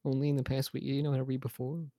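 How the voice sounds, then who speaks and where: A man's voice: medium pitch, flat delivery, racing, warm tone, no room sound. A man co-hosting a podcast, teasing his partner in playful banter. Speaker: podcast co-host. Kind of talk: casual chat.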